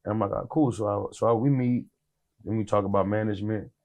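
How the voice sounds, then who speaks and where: A man's voice: fairly low pitch, steady tone, fast, a little mellow. A man who is a rap artist, telling stories in a casual interview in a laid-back, rambling way, full of fillers and acted-out quotes.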